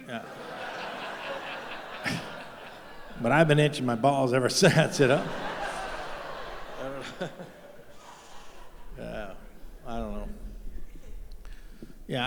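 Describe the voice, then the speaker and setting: A man's voice: medium pitch, background noise. A man doing a stand-up comedy set on stage, rambling and swearing freely in a self-deprecating way. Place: stage in a live venue. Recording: live venue with long hall reverb.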